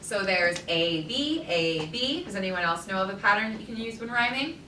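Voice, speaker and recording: A woman's voice: medium pitch, moderate pace. Woman teaching rhythm in an echoey classroom. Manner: energetic, rhythmic chanting of beats. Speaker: teaching artist. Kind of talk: classroom lesson. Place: school classroom. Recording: echoey classroom, far from the mic, noisy.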